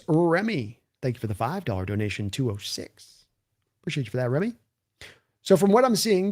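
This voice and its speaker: A livestream host with a slightly high, darkish voice talks casually, rambling through game commentary while reading out viewer donations.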